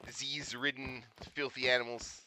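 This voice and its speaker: A man's voice: mid-range voice, flat delivery, moderate pace, sharp tone, a little hiss or hum. A young man from Canada streaming a game, chatting casually and rambling, laughing often and cracking jokes. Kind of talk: casual live-stream chat.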